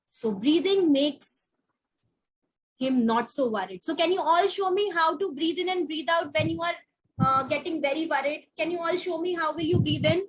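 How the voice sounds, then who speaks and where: Woman, teacher, high voice, animated storybook reading, video call. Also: rough recording. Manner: slow, animated, coaxing questions to young children. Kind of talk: reading a picture book to children.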